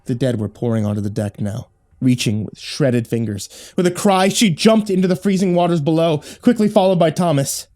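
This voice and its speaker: Hushed dramatic man narrating horror. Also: lively intonation, a little fast. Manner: low, hushed, dramatic storytelling.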